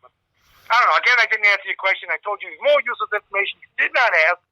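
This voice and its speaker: A man's voice: high-pitched, rapid-fire, bright, forceful tone, no echo, poor audio. A man, a rock guitarist guest in a casual phone interview, rambling and swearing as he tells stories and laughs often.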